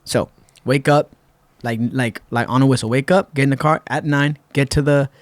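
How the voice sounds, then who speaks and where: A man from Puerto Rico tells a long, lively story as a podcast guest, slipping into his friends' voices as he goes. His voice sits in a middle register. The studio sound is dry and close. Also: mid-range voice, normal speed, no room sound. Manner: animated, acts out friends' lines. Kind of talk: casual storytelling.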